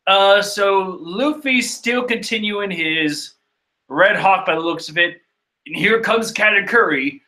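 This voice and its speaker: A man reading through a manga chapter in casual, rambling commentary, excitable and profane, laughing and trailing off as he goes. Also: high voice. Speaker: manga chapter reader and reactor.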